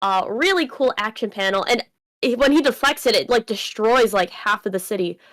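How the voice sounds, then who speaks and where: A woman guest on a casual manga reaction stream, lively, reading lines aloud and laughing often. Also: fairly high pitch, normal speed.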